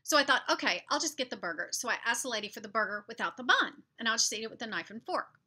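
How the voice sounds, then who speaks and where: Bright-voiced chatty middle-aged woman vlogging. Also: a little high, quick pace. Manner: chatty, animated storytelling with fillers. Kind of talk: casual chatty vlog recounting her day.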